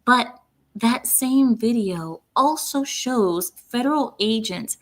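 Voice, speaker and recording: A woman's voice: fairly high pitch, animated, takes it slowly. A woman hosting her own commentary channel, talking through the news in a sarcastic, mocking way with lots of fillers and restarts. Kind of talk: opinionated political commentary.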